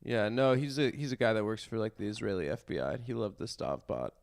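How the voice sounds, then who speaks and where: Gravelly-voiced, rambling male co-host. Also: on the low side, big pitch swings, brisk. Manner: rambling, hesitant, mumbling asides. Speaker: podcast co-host. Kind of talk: casual comedic banter.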